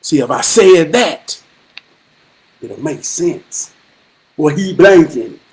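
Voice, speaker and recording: A man hosting a live stream, giving a profane, preachy monologue with rhythmic repetition and occasional shouted bursts. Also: a little high, animated, slow pace. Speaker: livestream host.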